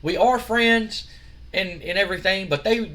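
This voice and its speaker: A man's voice: sits high, normal speed, sharp tone. A man voicing a whiny, easily offended male wrestler who stammers.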